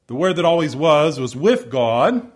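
Male preacher, slightly high voice, emphatic sermon delivery with hushed drops. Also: sing-song, measured pace. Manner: emphatic, swelling and dropping to hushed low phrases; repetitive rhetorical build-ups.

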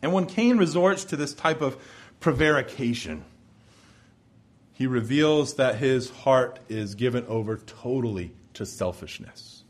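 A male preacher gives an expository sermon in a measured, emphatic, animated way, and his voice drops low at the ends of phrases.

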